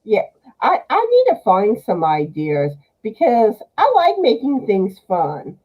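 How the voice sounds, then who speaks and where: Slow-talking woman, muffled audio. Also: fairly high pitch, wildly swooping pitch, breathy edge. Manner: slow and easygoing, laughs often. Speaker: guest on a live chat. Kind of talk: casual chat.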